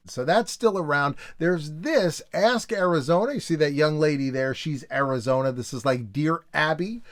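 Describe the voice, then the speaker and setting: Guy flipping through old kids magazines, jokey casual commentary, voice sits a bit high. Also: animated, moderate pace, hardly any pauses. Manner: joking, does silly voices while reading aloud. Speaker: nostalgia video host.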